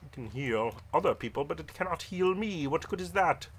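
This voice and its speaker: A man's voice: fairly high pitch, lively intonation, moderate pace, slightly rough. A man doing a pompous zealous paladin. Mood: pondering. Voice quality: pompous, formal old-fashioned phrasing. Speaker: game player role-playing his character. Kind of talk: in-character role-play over gameplay.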